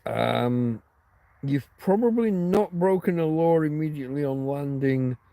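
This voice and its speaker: A man's voice: on the high side, measured pace, creaky, mellow, no room sound. A man hosting a casual livestream, rambling through stories and answering viewer comments. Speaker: livestream host.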